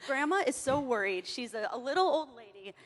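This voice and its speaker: A woman's voice: sits high, expressive, brisk, long reverb tail, background noise. A young woman from Southern California speaking on stage, playful and joking with the crowd. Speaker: conference speaker. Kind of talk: lively stage talk. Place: large hall on stage.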